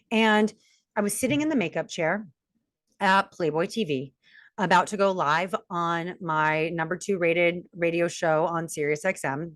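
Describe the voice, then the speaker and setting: Frank, animated woman telling her story. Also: lowish voice, no room sound, clean studio sound. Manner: frank and animated, acting out quoted voices. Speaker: guest, self-mastery coach. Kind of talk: candid personal storytelling.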